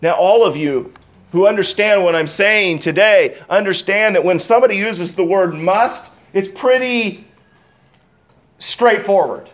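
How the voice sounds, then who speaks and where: A middle-aged male pastor delivering a sermon in a fairly high voice. He leans hard on key words and repeats them for weight. He drops to quiet asides, then climbs back to loud stresses. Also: measured pace. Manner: emphatic, repeats key words, swings between loud and soft.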